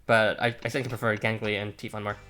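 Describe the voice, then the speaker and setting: A man's voice: fairly low pitch, little pitch movement, quick pace, bright, forceful tone. A man reading through a story game and joking in casual, rambling asides. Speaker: let's-play host.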